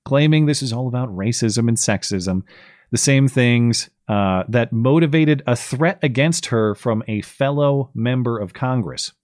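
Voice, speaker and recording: A man's voice: medium pitch, measured pace, darkish tone, dry recording, studio quality. A man hosting a podcast, giving sarcastic, mocking political commentary. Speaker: podcast host.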